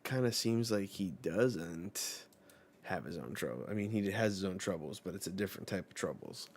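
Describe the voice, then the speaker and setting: A man's voice: low voice, expressive, normal speed, darkish tone, a little hiss or hum. A man hosting a casual live manga reaction, laid-back and rambling with many fillers.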